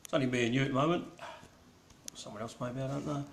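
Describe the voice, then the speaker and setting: A man's voice: medium pitch, steady tone, fast, creaky, pauses often, a little hiss or hum. Rambling Cockney man in an echoey room. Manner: rambling and irreverent, with many ums and mild swearing. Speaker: online gallery show host. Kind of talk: casual live-stream chat.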